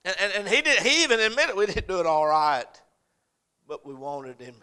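A middle-aged preacher man delivers his sermon in a high, ringing voice. He drives his points home with force, then falls soft and quiet when he tells a story. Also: moderate pace, smooth. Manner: emphatic, swinging between loud urgent points and soft storytelling.

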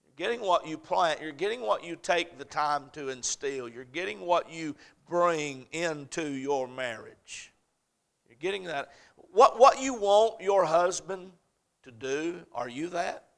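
A middle-aged man preaching a sermon, swinging between loud urgent points and soft storytelling. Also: a little high, expressive, a little slow, vocal fry.

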